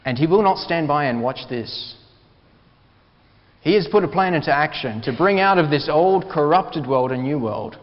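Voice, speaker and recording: A man preaching a sermon as a pastor, earnest and emphatic, stressing words slowly. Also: mid-range voice. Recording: dull, hall reverb.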